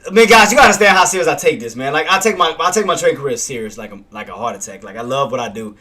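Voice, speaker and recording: Bright-voiced man, self-scolding trader. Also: mid-range voice, expressive, very fast. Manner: swears at himself and talks himself down. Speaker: day trader streaming live commentary. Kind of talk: casual live trading commentary.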